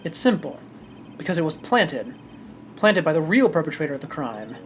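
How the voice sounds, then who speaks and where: A streamer voicing a precise, composed male prosecutor with measured, formal delivery while reading a game aloud. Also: medium pitch, very animated, slight background noise, natural voice.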